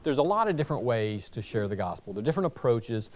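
A man's voice: medium pitch, big pitch swings, quick pace. A man teaching a church Bible class, talking loosely with many fillers and restarts.

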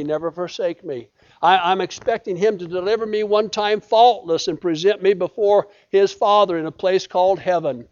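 A man's voice: fairly high pitch, a little mellow, dull audio. A man preaching a sermon in a folksy, emphatic way, often repeating his phrases. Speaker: pastor.

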